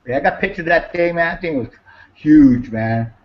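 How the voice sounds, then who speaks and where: A man's voice: fairly high pitch, lively intonation, normal speed. A man, chatting casually, rambling and swearing, repeating himself as he talks. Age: 50s. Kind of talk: casual chat. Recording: dull lo-fi recording.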